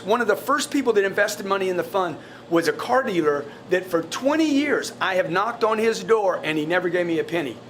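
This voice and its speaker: A man's voice: high-pitched, fairly bright tone, slight background noise. Blunt, profane man coaching his sales team. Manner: blunt, profane, repeats words as he restarts. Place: in front of a live group of staff.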